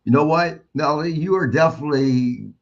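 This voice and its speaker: A man's voice: fairly high pitch, brisk. A man hosting a podcast interview, asking questions in an eager, conversational way. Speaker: podcast host. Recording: dull lo-fi audio.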